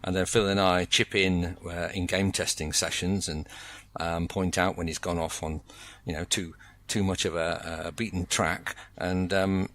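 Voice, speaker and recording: A middle-aged man, a board game designer, giving measured, rambling explanations with many pauses in a casual podcast interview. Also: sits low, level tone, fairly bright tone.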